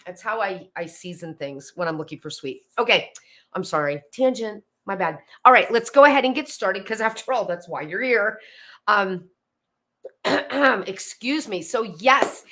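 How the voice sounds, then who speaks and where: A woman's voice: medium pitch, animated, moderate pace, a bit bright. Chatty woman in her fifties. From Pennsylvania, USA. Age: 50s. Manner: chatty, friendly, greets viewers by name, goes off on tangents. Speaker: host of a live decluttering stream. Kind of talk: casual live-stream chat. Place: home, indoors.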